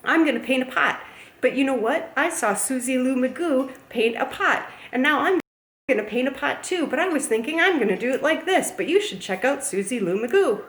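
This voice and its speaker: A woman putting on the voice of a bubbly, rambling male plant vlogger, high and loud. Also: lively intonation, brisk, reverberant.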